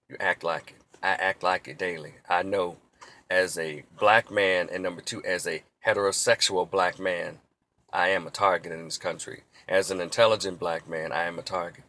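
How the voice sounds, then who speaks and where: A man delivering a heated, preachy opinion monologue as a commentator. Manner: heated, preachy, mocks quoted cops in a shrill yell.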